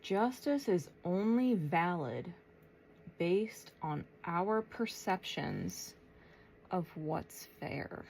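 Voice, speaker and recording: A woman tarot reader channeling messages aloud, thinking as she goes, with long pauses and a soft, unhurried way of talking. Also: fairly low pitch, very animated, gravelly, a little hiss or hum. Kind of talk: slow, reflective spiritual channeling.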